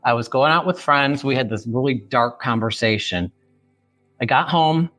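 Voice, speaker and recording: A man's voice: mid-range voice, lively intonation, normal speed, a bit bright, no echo, soft background music. 50s guy from chicago area, author guest on a pod, retelling a heavy memory, does the voices of what ppl said. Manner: vivid retelling that acts out remembered dialogue. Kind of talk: emotional personal storytelling.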